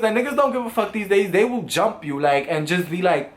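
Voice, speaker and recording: A young man telling a storytime vlog in a casual, animated way, full of swearing and acted-out quotes. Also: high-pitched, a little fast. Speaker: vlogger.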